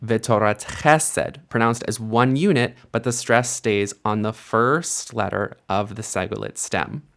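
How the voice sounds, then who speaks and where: A man's voice: fairly low pitch, creaky, a bit bright. Man teaching a patient grammar lesson. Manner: patient, explains slowly, says example words aloud with stress. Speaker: Hebrew teacher.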